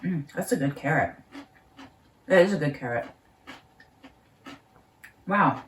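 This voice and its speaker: A woman's voice: low-pitched, animated, slow, a little hiss or hum. A woman vlogging from her home kitchen, thinking aloud, laughing often and talking while eating. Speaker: market gardener vlogger. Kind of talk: casual home vlog. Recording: roomy sound, mic at a distance.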